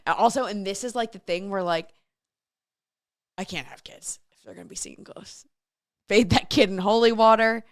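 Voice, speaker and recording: A woman's voice: medium pitch, normal speed, pauses often, clean tone, no echo, studio quality. A woman hosting a radio show solo, telling a story in a chatty way and reading listener messages aloud. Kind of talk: casual solo radio chat.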